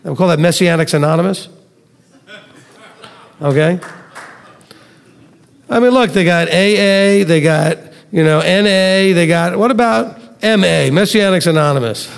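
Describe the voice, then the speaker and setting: A man's voice: high voice, a little slow, vocal fry, pauses often. A man teaching a sermon to a live and online congregation, emphatic, with rhetorical questions and sarcastic asides. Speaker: Messianic Torah teacher. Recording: long reverb of a large hall.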